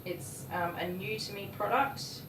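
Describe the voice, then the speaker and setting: A woman's voice: mid-range voice, steady tone, unhurried, noisy background. Chatty woman, distant roomy mic. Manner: rambling, chatty venting. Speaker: dog groomer livestream host. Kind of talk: casual chat while working.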